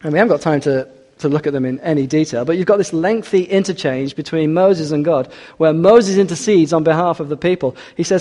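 A man preaching a sermon, expressive, rising for emphasis and dropping quiet for scripture. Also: a little high, brisk, big-room sound.

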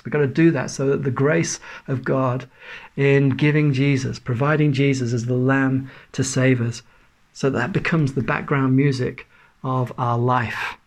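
Gravelly-voiced man preaching a sermon. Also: medium pitch. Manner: earnest preaching with rhetorical questions. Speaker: pastor.

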